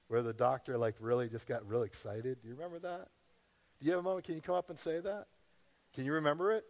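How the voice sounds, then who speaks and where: A man's voice: a little high, long reverb tail. Man preaching with casual questions. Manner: conversational, asks the congregation questions. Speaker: pastor. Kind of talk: sermon.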